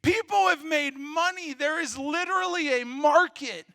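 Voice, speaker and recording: A man preaching a sermon and telling stories animatedly, with bursts of shouting. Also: very high voice, a little slow, creaky, no room sound. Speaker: pastor.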